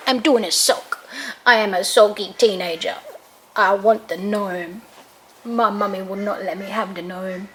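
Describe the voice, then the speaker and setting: A woman's voice: mid-range voice, fairly even intonation, unhurried, a bit bright, slight background noise, pitched below the performer's own voice, lightly acted. Woman putting on a sulky pouting pet dog. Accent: Australian. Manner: whiny, pouty complaining. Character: sulky young male pet dog, whiny.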